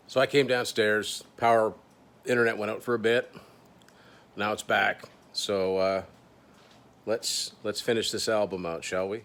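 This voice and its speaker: Low-voiced man musing over an album. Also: steady tone, measured pace, a bit bright. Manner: thinking aloud, hesitant, dry asides. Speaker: host. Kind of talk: casual first-listen album commentary. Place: indoors at home.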